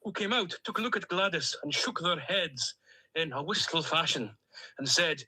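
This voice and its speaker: A man's voice: fairly high pitch, expressive, normal speed, pushed and bright, husky, heavily acted, poor audio. A man doing Dougal, a chirpy Stornoway duck. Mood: cheery, rambling. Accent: Stornoway Scottish. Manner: rambling, cheerfully self-pitying storyteller. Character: chatty male plastic toy duck on a road trip. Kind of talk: comic character monologue.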